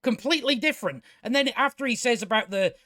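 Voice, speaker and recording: A man's voice: very high-pitched, expressive, fast talker, sharp tone, no room sound, studio quality. A man hosting a casual spoken TV review, sarcastic and exasperated, swearing freely and restarting his sentences. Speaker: TV review channel host.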